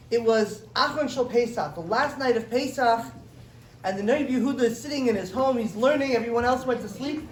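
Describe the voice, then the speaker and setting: High-voiced woman telling children a story. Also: a little hiss or hum. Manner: animated, asks the children questions. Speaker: storyteller at a children's learning program. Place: synagogue hall. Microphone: distant room mic. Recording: roomy hall from far off, faint ambience.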